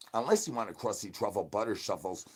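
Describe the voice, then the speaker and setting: A young man rambling through goofy, nonsensical livestream banter full of slang, swinging between loud hype and low mumbling. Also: lively intonation, brisk, breathy edge. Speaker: streamer in costume.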